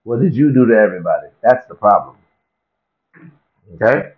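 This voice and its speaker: A man's voice: fairly low pitch, moderate pace. A man ranting profanely and comically to camera in a vlog, repeating himself for effect. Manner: profane, animated, repetitive rant. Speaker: vlogger. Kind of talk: comedic rant to camera. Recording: dull lo-fi recording.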